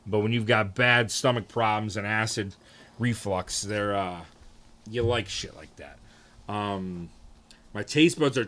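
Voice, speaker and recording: Bright-voiced, animated young male streamer. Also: a little slow. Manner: animated, swears freely, answers chat, jumps into high mock outrage. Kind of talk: casual live-stream chat.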